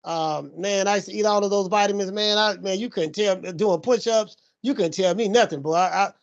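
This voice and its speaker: A man's voice: high-pitched, a little fast, creaky, lo-fi sound. A man co-hosting a podcast in casual chat, reminiscing in a rambling, slangy way with lots of fillers. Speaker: podcast co-host.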